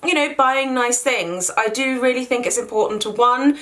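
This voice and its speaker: A woman's voice: a little high, moderate pace, fairly bright tone. A young woman giving an enthusiastic, chatty skincare review to camera as a beauty vlogger. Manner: chatty, enthusiastic, filler-heavy.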